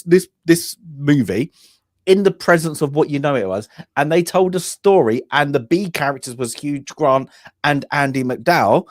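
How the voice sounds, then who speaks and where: A man's voice: a little high, no echo, clean studio sound. A young man co-hosting a casual film review chat, opinionated and rambling with many restarts. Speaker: podcast co-host.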